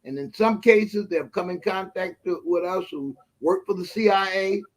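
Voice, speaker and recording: A man appears as a guest in a casual live-stream conversation, speaking at a moderate pace in a high-pitched voice. He comes across as earnest and emphatic, repeating affirmations.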